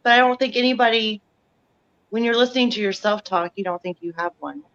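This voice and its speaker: A woman's voice: fairly high pitch, brisk, fairly bright tone, muffled recording. A woman from Texas, a company guest chatting in a friendly, easygoing way on a video call. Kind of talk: casual chat on a live stream.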